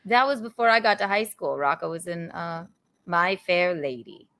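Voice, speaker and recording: Young woman rambling on her podcast, giggly, pitch jumps all over. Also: expressive, normal speed, a bit bright. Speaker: podcast host. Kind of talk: casual chat.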